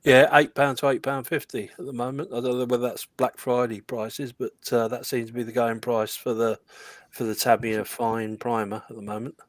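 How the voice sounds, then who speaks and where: A man's voice: medium pitch, level tone, normal speed, few pauses. A man on a modelling live chat, looking up and reading out prices. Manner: chatty, looks up prices as he talks. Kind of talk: casual chat.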